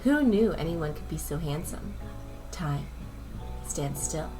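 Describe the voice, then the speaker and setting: A woman's voice: deep voice, expressive, slow, pauses often, dark tone, soft background music. A young woman streamer reading a game's text aloud, casual with joking asides.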